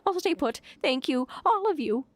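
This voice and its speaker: A woman's voice: high voice, expressive, normal speed, no room sound, pitched above the performer's own voice. A woman voicing a nervous young informant hiding in fear, jittery and pleading. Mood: anxious.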